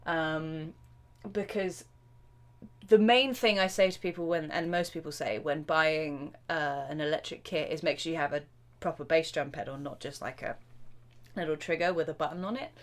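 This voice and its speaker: A woman drum teacher hosting a live question-and-answer stream, chatty and excitable, with lots of fillers and self-interruptions. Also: deep voice, moderate pace.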